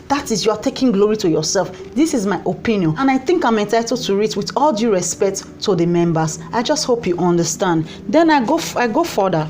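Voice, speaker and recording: A woman with a Nigerian Pidgin accent delivers a heated opinion commentary. Her voice sits on the higher side, and she keeps pleading and circling back to the same points. Faint background noise runs under the recording. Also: animated, fairly quick, few pauses, darkish tone. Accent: Nigerian Pidgin English.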